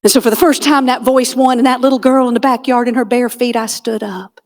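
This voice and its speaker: A woman's voice: fairly high pitch, fairly even intonation, fairly quick. A woman giving a comedic motivational keynote, folksy and self-deprecating, with punchline delivery on a conference stage. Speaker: keynote speaker. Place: conference stage before a live audience.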